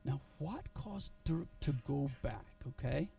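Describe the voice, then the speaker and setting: A male pastor telling a story in a sermon, earnest and halting, with frequent restarts, recorded in a church. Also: mid-range voice, lively intonation, creaky, dark tone, recorded from a distance, faint music behind.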